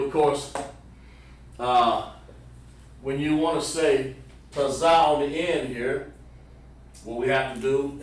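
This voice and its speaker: A Southern American man gives a pronunciation lesson on a livestream, sounding out syllables one at a time. He speaks in a halting way and often repeats his words. His voice comes from a mic some distance away and carries the echo of the room. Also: mid-range voice. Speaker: religious language teacher.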